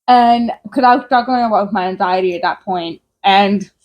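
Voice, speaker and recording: The recording is muffled, but a young adult woman's mid-range voice comes through at a moderate pace. As co-host of a casual chat, she tells a story in an animated, talkative way and laughs a lot.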